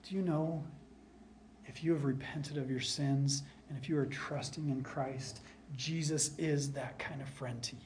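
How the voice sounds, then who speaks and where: A man preaching a sermon as pastor, earnest, repeating key lines for emphasis and dropping to a soft hush at times. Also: medium pitch, steady tone, measured pace, a little hiss or hum.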